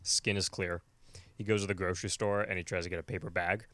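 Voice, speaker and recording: A man hosting a casual horror podcast, recapping an episode with laughter and quick character voices. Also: low voice, flat delivery, a bit bright, no room sound. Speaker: podcast host.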